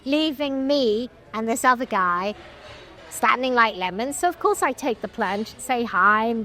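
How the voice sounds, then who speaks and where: Brief: middle-aged woman, animated interview guest, bright higher voice, restarts often. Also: measured pace. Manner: animated storyteller, acts out quotes, frequent restarts. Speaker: guest film producer. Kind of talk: casual interview storytelling.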